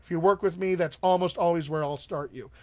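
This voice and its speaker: A man with a voice pitched a little above the usual answers viewer questions as a dialect coach in a live online Q&A. He sounds upbeat and encouraging and keeps checking in with his listeners as he explains. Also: a little fast, dark tone. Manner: upbeat and encouraging, often checks in with "all right?".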